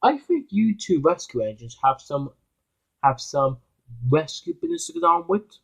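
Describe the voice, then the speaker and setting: A man's voice: a little high, big pitch swings, moderate pace, a bit bright, heavily acted. A man voicing a fussy, lecturing male engine in a homemade toy-train story. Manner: prim, lecturing.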